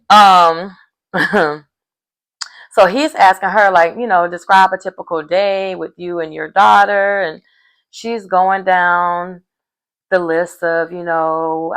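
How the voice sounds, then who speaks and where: A woman's voice: lowish voice, a bit bright. A woman recapping a reality show in a rambling, chatty way, full of fillers. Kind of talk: casual recap chat.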